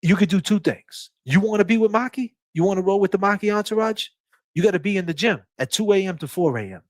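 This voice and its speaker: A man's voice: sits high, animated, fast talker, no room sound. Emphatic profane man on a livestream. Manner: emphatic, profane, preachy, repeats phrases. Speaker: livestream host. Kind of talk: casual livestream talk.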